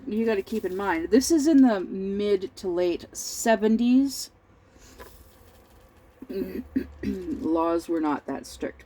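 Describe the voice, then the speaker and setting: A middle-aged woman telling a family story in a rambling, halting way, clearing her throat often and sounding over-tired. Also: medium pitch, a little mellow, poor audio. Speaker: crafting vlogger. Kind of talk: casual storytelling while crafting.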